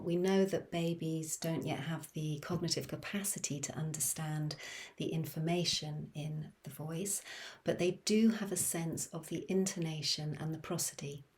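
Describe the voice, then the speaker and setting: Low soft lady therapist, calm gentle teaching voice, kinda whispery. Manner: soft, gentle and soothing, often half-whispered. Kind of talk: calm instructional demonstration.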